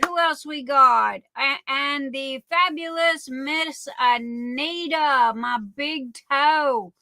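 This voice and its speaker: A woman hosts a relaxed livestream in an unhurried, chatty way, warmly greeting each viewer by name and calling them darling. Her voice sits high and bright, and the recording is dry and close with little room sound. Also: dry recording, rough recording. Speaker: livestream host. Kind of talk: casual livestream chat.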